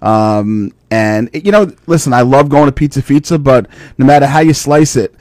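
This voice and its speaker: A man's voice: medium pitch, normal speed, darkish tone, dry recording. A man, hosting a podcast and telling a rambling story in casual chat, full of fillers and swearing. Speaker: podcast host.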